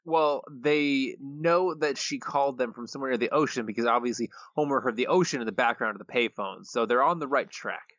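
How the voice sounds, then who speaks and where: A man's voice: medium pitch, fairly quick, hardly any pauses, a bit bright, no echo, lo-fi sound. A man co-hosting a podcast, recapping an episode casually with dry sarcasm. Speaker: podcast co-host. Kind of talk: casual episode review chat.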